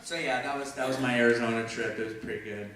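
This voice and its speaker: A man's voice: mid-range voice, fairly even intonation, quick pace. A man from Texas telling a rambling, profane story on a convention panel, laughing often. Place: convention hall before an audience. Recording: echoey hall, mic far off, crowd.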